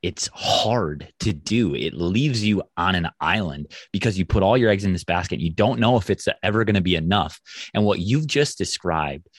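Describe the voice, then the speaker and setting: Reflective deep-voiced man host. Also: expressive, moderate pace, dry recording, studio quality. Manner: reflective and affirming. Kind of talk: conversational interview.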